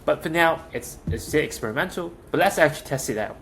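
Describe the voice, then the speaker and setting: A young man casually talking through a software demo, loose and chatty with many fillers, recorded at a desk mic. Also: on the high side, animated, fast talker, vocal fry. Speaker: tech tutorial host. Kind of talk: casual screen-share walkthrough. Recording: noisy background with keyboard clicks.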